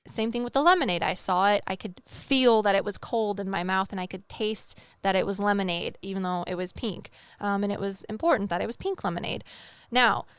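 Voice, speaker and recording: A woman's voice: medium pitch, a bit bright, clear, resonant tone, no echo. A woman recounting a psychic reading in a chatty, emotional way, laughing and tearing up as she talks. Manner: chatty, gets emotional and laughs through tears. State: tearful at times. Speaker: medium telling stories. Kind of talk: casual storytelling chat.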